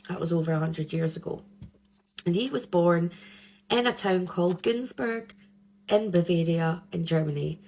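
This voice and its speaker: A woman's voice: on the low side, a little mellow. A young woman hosting a true crime channel, telling the story in a chatty, rambling way with nervous giggles. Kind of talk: casual true crime chat.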